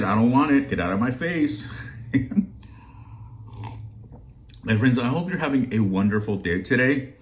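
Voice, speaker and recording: A man with a fairly low voice talks in a loose, rambling way, greeting his viewers like friends. He is a shopping deals vlogger chatting casually to camera. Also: a little hiss or hum.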